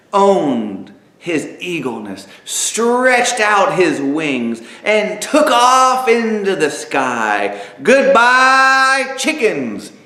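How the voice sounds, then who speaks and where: Slow, lively male storyteller. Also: a little high. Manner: dramatic, lively storytelling with sound effects. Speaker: author and narrator. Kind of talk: inspirational storytelling reading. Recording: echoey room.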